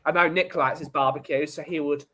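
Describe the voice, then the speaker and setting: A man's voice: on the high side, steady tone, brisk, sharp tone. Chatty rambling podcast host man. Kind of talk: casual chat.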